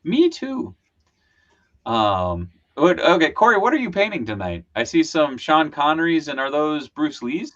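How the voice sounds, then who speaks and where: A man's voice: a little high, very animated, moderate pace, few pauses, a bit bright, highs cut off. Laid-back joking male host. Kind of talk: casual chat on a live stream.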